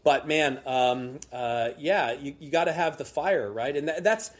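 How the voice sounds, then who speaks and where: A man's voice: fairly high pitch, measured pace. Middle-aged guy rambling thru a story, laughs at himself, lots of restarts. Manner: rambling, self-deprecating, many restarts. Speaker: guest, liqueur brand founder. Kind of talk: casual storytelling on a podcast.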